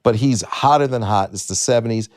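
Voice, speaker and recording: A man in his sixties from Detroit, a guest in an interview, telling animated anecdotes and acting out the voices of people in them. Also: mid-range voice, a little fast, no room sound, clean studio sound. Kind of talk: storytelling interview.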